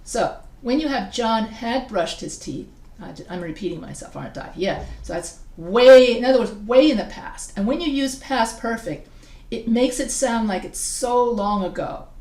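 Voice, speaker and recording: A woman's voice: fairly high pitch, lively intonation, normal speed, a little mellow. Chatty woman teacher in an echoey room. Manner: chatty and digressive, with frequent restarts. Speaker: writing teacher. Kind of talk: casual recorded grammar lecture.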